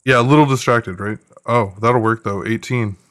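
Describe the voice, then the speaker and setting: A man's voice: mid-range voice, fairly even intonation, moderate pace, fairly bright tone. A man playing a tabletop horror game, speaking casually about his character and asking about dice rolls. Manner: casual, asks rule questions. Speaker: player.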